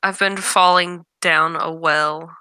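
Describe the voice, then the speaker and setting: A woman's voice: fairly low pitch, steady tone, takes it slowly, bright, forceful tone, clean tone, no echo. A woman co-hosting a casual chat show, talking chattily and readily sharing her opinions.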